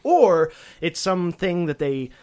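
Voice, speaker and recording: A man co-hosting a casual gaming podcast, talking in a rambling, animated way with frequent restarts and casual swearing. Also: high voice, measured pace. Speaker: podcast co-host. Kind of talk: casual chat.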